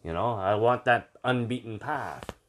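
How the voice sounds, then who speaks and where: Canadian man, casual storyteller, rambling and profane, lowish pitch. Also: unhurried, fairly bright tone. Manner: rambling, swears freely, many fillers. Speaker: guest telling travel stories.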